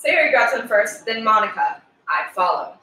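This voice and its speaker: A woman's voice: fairly high pitch, expressive, moderate pace, pushed and bright, a little hiss or hum. A woman streamer reading game narration aloud with giggly, sarcastic asides, recorded far from the mic in an echoey room.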